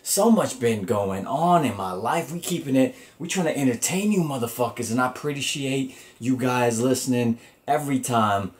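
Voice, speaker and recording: A man's voice: mid-range voice, lively intonation, moderate pace, few pauses. Profane, rambling male podcast host. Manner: loose and profane, with frequent fillers and restarts. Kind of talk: casual solo podcast talk.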